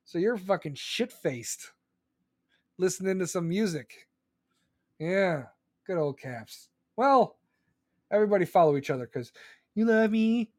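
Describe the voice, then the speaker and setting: A man hosting a live podcast, ranting loudly and profanely, rambling with sudden jumps in pitch, close to the microphone. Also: expressive, a little slow, pauses often, dry recording. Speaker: podcast host. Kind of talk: live podcast venting monologue. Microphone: close studio microphone.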